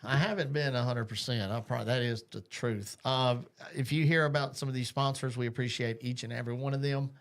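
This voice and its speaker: Talking fairly quickly with hardly any pauses, this man keeps a steady tone at medium pitch. As host of a live talk show, he rambles through casual chat, cracks jokes and reads viewer comments aloud.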